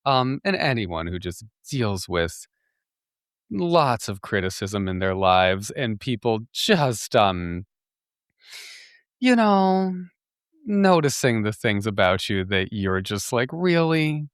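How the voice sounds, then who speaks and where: Casual man on a podcast, kinda low voice, rambling animated story with lots of laughs and ums, dead dry sound. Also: takes it slowly, clean tone, dry recording. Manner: chatty, animated, laughs often, many fillers and restarts. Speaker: podcast host.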